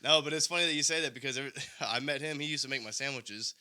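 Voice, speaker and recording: A man's voice: mid-range voice, racing. A man co-hosting a podcast, chatting casually and telling stories with swearing. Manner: relaxed, swearing, lively storytelling. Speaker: podcast co-host.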